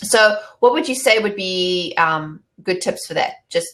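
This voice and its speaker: A woman's voice: fairly low pitch, animated, a little slow, bright, forceful tone. A middle-aged woman from South Africa hosting a casual interview, chatty with lots of fillers and restarts. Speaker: host.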